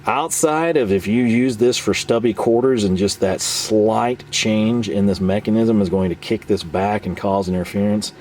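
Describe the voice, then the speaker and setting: A man's voice: lowish voice, normal speed, hardly any pauses, darkish tone, a little hiss or hum. A man talking casually through a hands-on tool demo, playfully voicing imagined viewers' objections and answering them. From Texas. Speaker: tool reviewer. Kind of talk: casual product demo talk.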